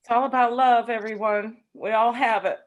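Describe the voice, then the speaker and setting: A woman's voice: a little high, fairly even intonation, moderate pace. Woman guest teacher, earnest, playful, heartfelt, video call. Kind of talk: heartfelt online chat.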